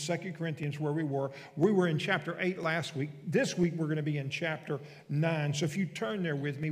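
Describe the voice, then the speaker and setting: A man's voice: a little high, big-room sound. A male pastor preaching a sermon in a church, telling stories and teasing the congregation. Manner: storytelling, joking with the congregation.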